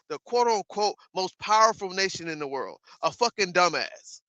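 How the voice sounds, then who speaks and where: Brief: male streamer, profane emphatic rant, bright voice, dry close sound. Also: high voice, expressive, normal speed, few pauses, no echo. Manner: profane, emphatic ranting with repeated asides to viewers. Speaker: livestreamer. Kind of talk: casual livestream commentary.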